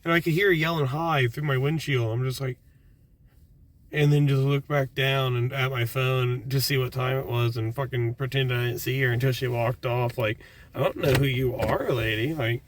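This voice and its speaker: This is a young food delivery driver whose mid-range voice comes out flat at a normal speed. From inside his car he rambles through profane, laugh-filled anecdotes for a casual vlog. Loud road noise surrounds a distant mic.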